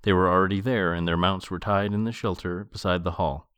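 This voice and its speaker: Deep-voiced man reading aloud, dry. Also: steady tone, brisk, fairly bright tone, clean tone, no echo. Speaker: podcast host reading a novel aloud. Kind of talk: book reading and commentary.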